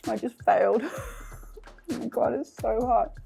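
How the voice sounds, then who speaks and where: A woman's voice: a little high, fairly even intonation, measured pace, gravelly, warm tone. A woman hosting a cooking show, mouth burning and eyes teary from chili, exclaiming and laughing between gasps in casual chat. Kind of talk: casual food challenge chat. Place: kitchen studio.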